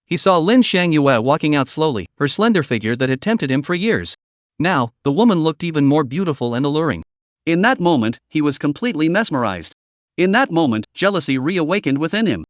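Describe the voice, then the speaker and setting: A man's voice: on the high side, sing-song, fairly quick, dry recording, clean studio sound. A man narrating a dramatic story recap in a scripted storytelling style.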